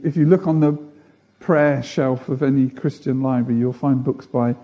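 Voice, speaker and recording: A man's voice: mid-range voice, warm tone, dull audio. A man preaching a sermon, earnest, building emphasis through repeated phrases.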